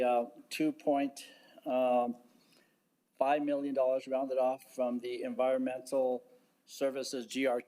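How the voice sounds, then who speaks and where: Deliberate man addressing a public board. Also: mid-range voice, darkish tone. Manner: deliberate, halting, with frequent fillers and restarts. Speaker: county commissioner. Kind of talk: public meeting remarks. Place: county commission chamber.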